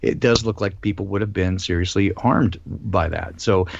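A man's voice: low voice, moderate pace, creaky, dull audio, noisy background. A man hosting a casual live-stream discussion, talking with many ums and restarts. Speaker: host.

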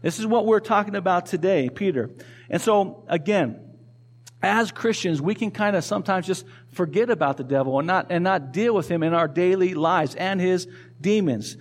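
A man's voice: high-pitched, lively intonation, moderate pace. A male pastor preaching a sermon in a conversational way, asking the congregation questions and repeating key phrases. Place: church.

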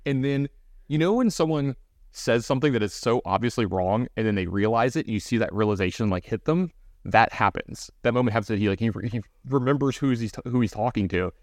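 A man's voice: medium pitch, no echo, clean studio sound. A man co-hosting a podcast, telling a story in a casual chat with lots of fillers and restarts. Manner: fast, animated storytelling with many fillers. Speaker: podcast co-host.

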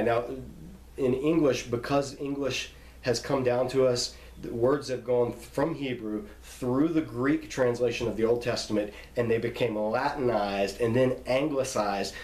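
A man's voice: medium pitch, darkish tone. Man, Bible teacher, informal lecture, patient, repeats himself, spells words out, echoey room.

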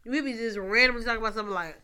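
A woman's voice: on the high side, very fast, pushed and bright, clear, resonant tone. A woman co-hosting a podcast in casual chat, teasing and questioning her partner. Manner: questioning, teasing, laughs often. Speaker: podcast co-host.

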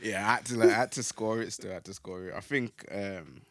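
A man's voice: lowish voice, a little fast, fairly bright tone, no room sound. A man co-hosting a casual podcast chat, laughing often. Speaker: podcast co-host.

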